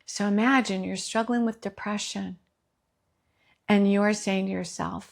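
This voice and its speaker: A middle-aged woman with a lilt talks slowly and earnestly on her podcast. She shares personal stories in a reflective way, acting out what other people said. Her voice sits at an everyday middle pitch. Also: steady tone, creaky. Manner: earnest, storytelling, quotes others in acted voices. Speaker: podcast host.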